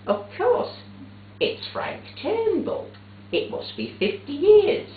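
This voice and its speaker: A man's voice: very high voice, wildly swooping pitch, takes it slowly, slight background noise, pitched above the performer's own voice, full character voice. A man on stage playing a forgetful, chatty elderly mother who prattles on unfussed. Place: theatre stage. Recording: echoey theatre, distant tinny capture.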